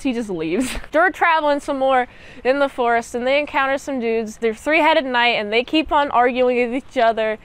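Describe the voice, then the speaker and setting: A woman's voice: high voice, moderate pace, clean tone. A young woman giving a casual movie recap and review, chatty and slangy, peppered with "like" and "dude".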